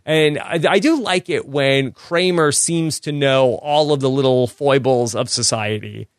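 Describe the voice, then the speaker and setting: A man hosting a podcast, recapping episodes in relaxed casual chat and laughing often. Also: mid-range voice, a little slow, no room sound, clean studio sound. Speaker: podcast host.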